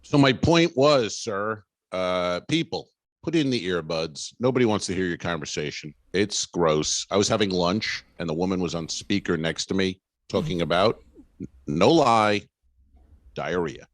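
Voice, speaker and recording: A male comedian co-hosting a podcast, a gruff, profane storyteller who exaggerates for laughs. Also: sits low, lively intonation, unhurried, no echo. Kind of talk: casual comedy podcast banter.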